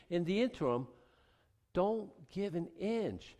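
A man preaching a sermon with a slightly high voice that rings through a hall with a long reverb. He is animated and wry, acting out voices of the characters in the scripture he reads. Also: a little slow. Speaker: pastor.

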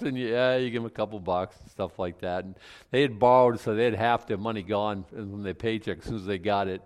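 A middle-aged male pastor preaching in a conversational way, breaking into loud emphatic outbursts. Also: lowish voice, steady tone, brisk, clean tone. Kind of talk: sermon.

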